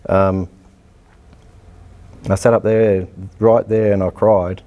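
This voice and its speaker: A middle-aged Australian athletics coach gives a public lecture, telling his personal story bluntly and animatedly, acting out dialogue and laughing. His fairly low voice is dark and mellow, and he speaks slowly.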